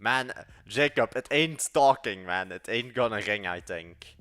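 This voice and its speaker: An eighteen-year-old Belgian app developer with a Dutch accent rambles casually to his live-stream chat while coding, muttering as he works in slangy chatter. His voice is lowish and fairly bright, animated but unhurried.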